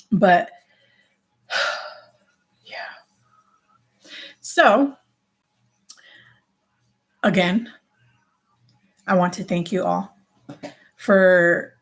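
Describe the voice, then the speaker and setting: A woman vlogger chatting casually to her viewers, rambling and correcting herself with many fillers. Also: fairly low pitch. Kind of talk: casual vlog chat.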